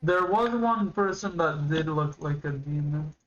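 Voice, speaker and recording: A man's voice: a little high, unhurried, highs cut off. A man in his late teens chatting casually and musing aloud while reacting to a video on a livestream. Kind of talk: casual rambling chat.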